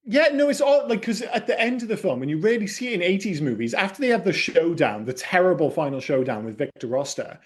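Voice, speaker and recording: A man co-hosting a film podcast, talking in an animated, chatty way and swearing casually. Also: sits high, fast talker, hardly any pauses. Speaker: podcast co-host.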